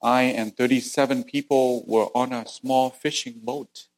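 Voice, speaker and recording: A middle-aged man from Vietnam delivers a sermon built on personal testimony. He speaks at an average pitch with earnest, plain storytelling, and his voice rises sharply when the story turns tense. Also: fairly even intonation, unhurried. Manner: earnest storytelling, voice climbing high at intense moments. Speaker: preacher.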